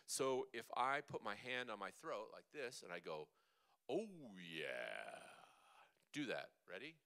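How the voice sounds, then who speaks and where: A man teaching a vocal seminar as a coach, lively and chatty, demonstrating sounds with his own voice. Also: mid-range voice, moderate pace, clear, resonant tone. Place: church hall.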